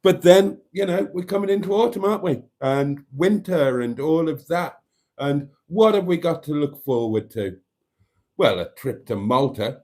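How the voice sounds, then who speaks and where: A man's voice: a little high, animated, normal speed, darkish tone. A man hosting a casual live stream, reading out viewer comments and greeting viewers by name. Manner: chatty, reads viewer comments aloud and greets them.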